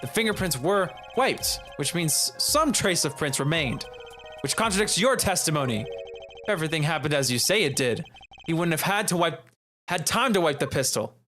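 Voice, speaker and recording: A man's voice: fairly high pitch, animated, moderate pace, sharp tone, faint music behind. A man voicing an earnest, easily flustered young male defense attorney in a fan-dubbed courtroom game.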